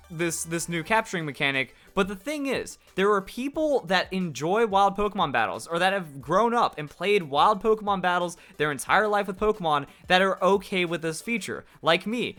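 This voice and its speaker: A man with a high, bright voice delivers opinionated gaming commentary, reading passages aloud and then arguing back at critics. He rants with plenty of "like" fillers. Faint music plays underneath. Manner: argumentative and ranting, heavy use of "like".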